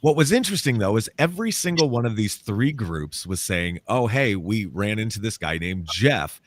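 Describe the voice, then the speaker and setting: A man, a paranormal author and interview guest, telling a story in a casual, animated way and acting out the quotes. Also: on the low side, moderate pace, no room sound. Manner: animated, acts out quotes, laughs often.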